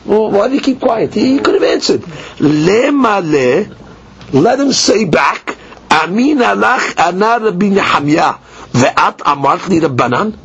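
High-pitched man, Talmud class teacher, animated debater, muffled lo-fi sound. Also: measured pace, creaky, breathy edge. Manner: animated, acts out both sides of the argument. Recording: dull lo-fi recording.

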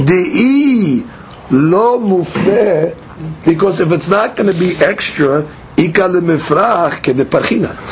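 Man, high-pitched voice, teacher, lecture, asks and answers own questions, faint background noise. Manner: explanatory, poses and answers his own questions. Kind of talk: study class lecture.

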